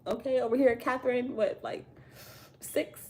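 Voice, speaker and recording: Her voice is a little high and dark, steady in tone, and moves at a moderate pace. She's an American tarot reader livestreaming from home, chatting loosely with viewers, using slang, and laughing often.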